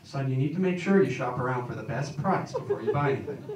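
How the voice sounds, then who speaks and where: A man's voice: fast talker, a crowd in the background, natural voice. A man doing his stern, thrifty dad. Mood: lecturing. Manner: low, flat lecturing tone. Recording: echoey room, distant mic, noisy.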